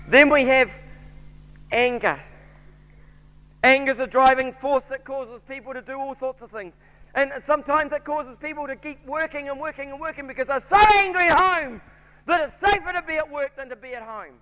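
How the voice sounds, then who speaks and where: A man's voice: extremely high pitch, moderate pace, pushed and bright. A man with a New Zealand accent preaching a sermon, telling a story and voicing its characters. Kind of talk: sermon with anecdote. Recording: church hall reverb.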